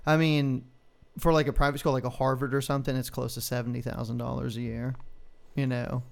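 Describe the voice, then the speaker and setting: Man, podcast co-host, gravelly, smooth, emphatic, swearing, casual chat. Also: medium pitch, little pitch movement, a little fast. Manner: emphatic, profane, reciting figures.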